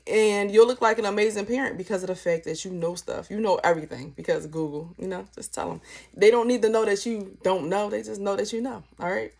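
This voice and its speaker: A woman's voice: mid-range voice, fast, gravelly. A young woman teaching a parenting class in a casual, chatty way, full of "like" and playfully acted-out questions. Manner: chatty, peppered with "like", acts out questions with lively inflection. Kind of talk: casual instructional talk.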